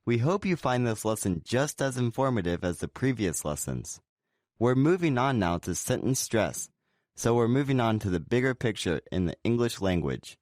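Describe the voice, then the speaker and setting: A man co-presenting a scripted pronunciation lesson, explaining in a relaxed way and saying example words slowly and clearly. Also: mid-range voice, no echo, studio quality. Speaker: pronunciation teacher.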